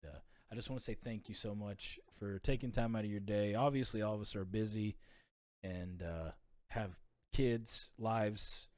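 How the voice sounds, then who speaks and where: A man's voice: fairly low pitch, steady tone, moderate pace, a little mellow, no room sound, clean studio sound. A man hosting a casual parenting podcast, laid-back and openly emotional, greeting his chat by name. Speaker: podcast host.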